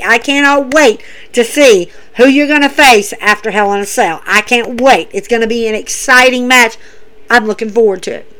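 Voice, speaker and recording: A woman's voice: sits high, a bit bright, low-quality recording. A young woman enthusiastically retelling wrestling events in a casual, chatty recap.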